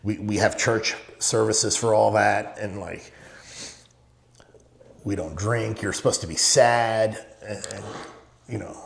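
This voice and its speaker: Deep gravelly guy telling stories on a podcast, hits short phrases over and over, echoey room. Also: steady tone, measured pace. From Middle East. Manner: emphatic, repeats short phrases. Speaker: guest, real estate owner. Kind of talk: casual interview storytelling. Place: podcast studio. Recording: roomy studio echo.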